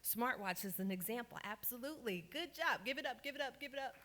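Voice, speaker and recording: A woman from Baltimore leading a lively, interactive workshop in a conference room, urging the audience to cheer and answer. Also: a little high, fast talker, slight background noise. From Baltimore, Maryland. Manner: lively, hypes the audience with calls for applause. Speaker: workshop speaker. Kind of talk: energetic interactive workshop talk.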